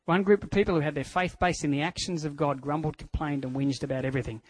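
A man with an Australian accent sharing a candid personal testimony in a sermon, telling it in an earnest, halting way. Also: a little high, fairly even intonation, low-quality recording.

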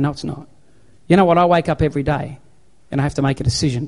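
A man's voice: fairly high pitch, fast talker, hardly any pauses. A man preaching a sermon into a handheld microphone to an audience, in an emphatic, repetitive exhorting manner. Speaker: pastor.

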